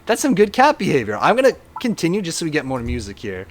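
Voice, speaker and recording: Male game streamer, casual and animated, high bright pitch with big swings, reads chat aloud. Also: fast talker.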